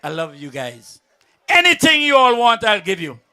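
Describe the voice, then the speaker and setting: A man with a Vincentian accent voicing a boastful big man who gushes in a low voice. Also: big pitch swings, normal speed, pushed and bright, clean tone, exaggerated voice. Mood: gushing. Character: grateful boastful big man, nearly drowned.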